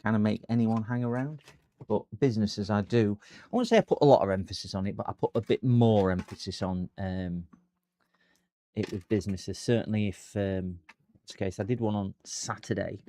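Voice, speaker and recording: A man's voice: on the low side, moderate pace, dark tone. Chatty man narrating a repair. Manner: rambling, chatty, talks to viewers while working. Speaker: repair channel host. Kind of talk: live-streamed repair commentary. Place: repair workshop.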